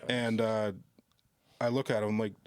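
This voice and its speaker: A man's voice: lowish voice, flat delivery, a little slow, darkish tone, smooth, no room sound. Swearing man telling club stories, dry sound. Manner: profane, rambling anecdotes with many restarts. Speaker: comedy club security guard, podcast guest. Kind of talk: casual storytelling on a podcast.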